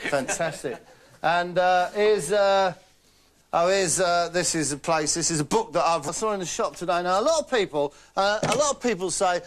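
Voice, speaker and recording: A man's voice: high-pitched, noisy background. A man doing a rambling name-dropping star. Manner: rambling, chatty, keeps saying "right?". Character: boastful, dim name-dropping male celebrity. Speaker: comedian in character. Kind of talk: comic monologue.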